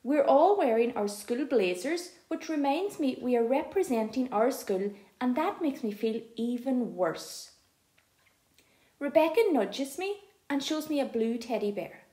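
A woman reading a first-person audiobook aloud in an expressive, lively storytelling manner. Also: fairly high pitch, unhurried. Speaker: audiobook narrator. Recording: echoey room.

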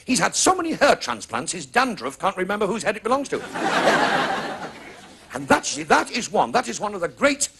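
A man with a Northern English accent doing a stand-up comedy routine in rapid, excitable patter. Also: creaky, background noise. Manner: rapid, excitable patter with big pitch swings. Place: TV studio with live audience. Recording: 1980s TV broadcast, loud audience laughter.

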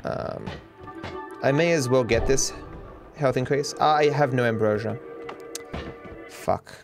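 A man's voice: mid-range voice, slow, creaky, over music. An Australian man livestreaming a game, chatting offhand and answering viewers' questions. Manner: offhand, reads and answers chat. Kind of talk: casual chat while gaming.

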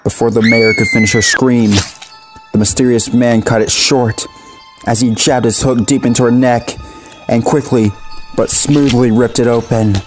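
A man reading a dark horror story aloud in a steady, measured narration. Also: mid-range voice.

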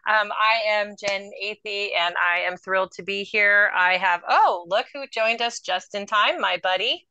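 A woman's voice: mid-range voice, a little slow, bright, forceful tone, no echo, muffled recording. A woman who is a guest on a film review panel, chatting in an upbeat way over a video call. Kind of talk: casual chat.

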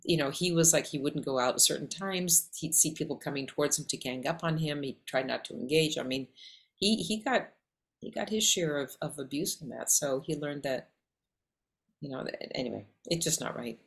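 A woman's voice: deep voice, creaky. A woman from Canada with a Canadian accent, an actress and acting coach talking animatedly in an interview, often rattling off lists. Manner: animated, talks in quick lists. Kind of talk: casual interview conversation.

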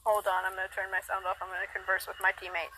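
A woman on a casual gaming voice call, giggly and quick to joke back. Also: medium pitch, monotone, pushed and bright, breathy edge, no echo, rough recording. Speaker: gaming partner.

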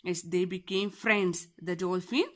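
A woman's voice: on the low side, fairly even intonation, unhurried, fairly bright tone. A woman teacher with an Indian English accent, reading a children's story aloud and explaining it, asking and answering her own questions.

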